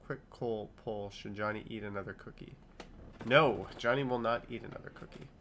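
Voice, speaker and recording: A man's voice: on the low side, normal speed, fairly bright tone, a little hiss or hum. A man in his thirties hosting a casual livestream, reading viewers' comments aloud and riffing on them. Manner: chatty, reads chat comments aloud and riffs on them. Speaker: streamer reading live chat.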